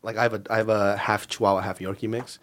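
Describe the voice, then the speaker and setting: A young man on a podcast, co-hosting and telling animated stories in casual chat, swearing and saying "dude" often. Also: on the low side, fast talker, a little hiss or hum. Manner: animated storytelling, swears a lot, says "dude" and "bro". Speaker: podcast co-host.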